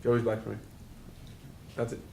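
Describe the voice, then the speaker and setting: A man making a quick, accusing speech as a player at a tournament game. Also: a little mellow. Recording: echoey noisy room.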